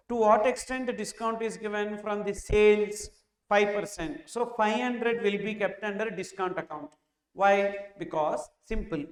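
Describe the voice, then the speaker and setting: A man teaching a tax class, asking questions and answering them himself as he dictates entries slowly. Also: high-pitched, echoey room. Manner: asks and answers his own questions, slow dictation of entries. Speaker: tax lecturer. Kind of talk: classroom lecture.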